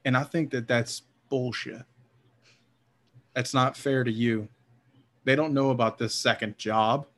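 A man from New Orleans co-hosts a casual sports podcast. He talks loosely, laughs often and swears freely. His voice sits at an ordinary middle pitch. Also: steady tone, a little slow, pauses often, a bit bright. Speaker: podcast co-host. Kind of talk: casual chat.

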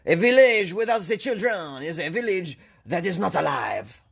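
Guy doing a fake-french pompous mayor, stiff and official, voice a bit higher and kinda off from his normal sound. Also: lively intonation, moderate pace, gravelly, fairly bright tone, husky, heavily acted. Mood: mock-solemn. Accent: French (put on). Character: pompous middle-aged French village mayor.

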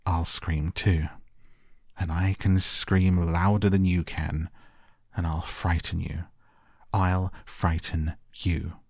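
A man's voice: deep voice, flat delivery, slow pace, a little mellow, dry recording, clean studio sound, heavily acted. A man reading aloud, voicing a sour, furious little girl who scolds and commands a sick boy. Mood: threatening.

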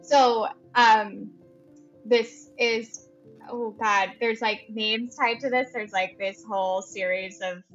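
A woman guest chats haltingly and pokes fun at herself on a podcast. Her voice is bright and fairly high. The line sounds dull and lo-fi, like a remote call. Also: fairly even intonation, faint music behind. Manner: self-deprecating, halting. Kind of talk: casual podcast chat.

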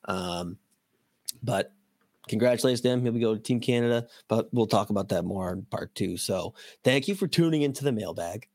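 A hoarse man with a lowish voice is hosting a casual podcast, his throat clearly wearing out. He rambles, swears freely and fills gaps with ums and you-knows. The recording is close and dry, with no room sound. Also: animated, fairly quick, a little mellow, no echo. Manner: rambling, profane, many ums and restarts. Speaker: podcast host. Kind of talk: casual hockey prospect talk.

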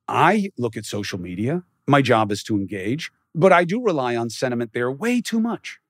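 A man's voice: medium pitch, dry recording, studio quality. A man hosting a podcast, talking straight to his listeners in short, emphatic bursts and firing rhetorical questions at them. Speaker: podcast host. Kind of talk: direct-to-listener podcast monologue.

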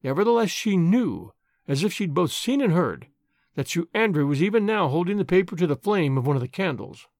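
Male storyteller, lively intonation, fairly high voice, dry close recording. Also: a little fast, dry recording. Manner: expressive, dramatic reading. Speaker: audiobook narrator. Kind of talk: scripted narration of a classic novel.

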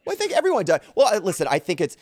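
An enthusiastic interviewer who keeps chiming in with quick affirmations. The pitch moves a lot, and the recording is dry and close with no room sound. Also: huge pitch swings, darkish tone, no room sound. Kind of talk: conversational interview.

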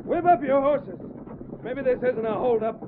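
An actor playing a gruff, combative frontier stagecoach guard with a gravelly drawl in a vintage radio drama. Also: male voice, extremely high pitch, normal speed. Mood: wary. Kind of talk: 1940s radio acting. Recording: tinny old radio transcription with hiss.

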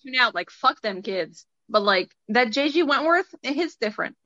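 Bright woman quipping, muffled. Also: a little high, normal speed, no room sound. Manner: dry one-liners, deadpan quips. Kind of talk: casual chat. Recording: muffled lo-fi sound.

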